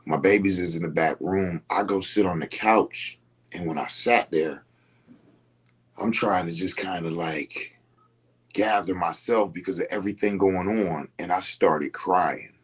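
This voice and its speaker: A man's voice: low voice, husky. A man telling a personal story to his listeners in a loose, conversational way, often repeating himself and asking if they follow him. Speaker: speaker sharing a personal story. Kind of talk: casual storytelling to an audience.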